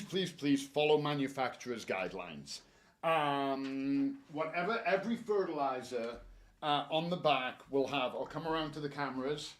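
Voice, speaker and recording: Garden store staffer, man, casual and jokey presenter. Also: mid-range voice. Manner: chatty, joking, animated advice.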